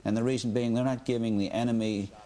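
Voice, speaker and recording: A man working as a military analyst, commenting on live news in a measured way with frequent fillers. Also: medium pitch, steady tone, dark tone.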